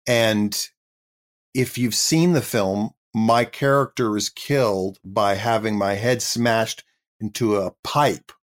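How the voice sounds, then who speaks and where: A man in his fifties with a fairly low voice tells stories from his acting career as an interview guest. He is chatty and self-deprecating, often slipping into quick voices as he quotes people. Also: steady tone. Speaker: guest actor. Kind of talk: casual interview storytelling.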